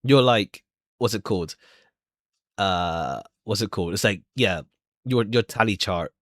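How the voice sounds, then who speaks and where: A man's voice: lowish voice, a little slow, no room sound, clean studio sound. A man casually commenting while reading through a game, chatty and rambling, laughing often. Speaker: streamer playing a game. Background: background music.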